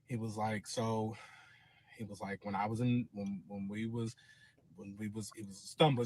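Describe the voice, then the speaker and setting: A man's voice: mid-range voice, expressive, moderate pace, breathy edge, no echo. A man telling a personal story in a series, dramatic and full of swearing, acting out what others said. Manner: profane, dramatic, quotes others in voices.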